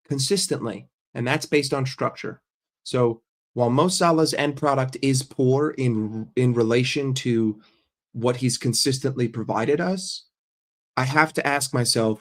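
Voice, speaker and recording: A man hosting a casual livestream, reading chat messages and ranting bluntly and sarcastically with frequent swearing. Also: mid-range voice. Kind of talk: casual livestream fan rant.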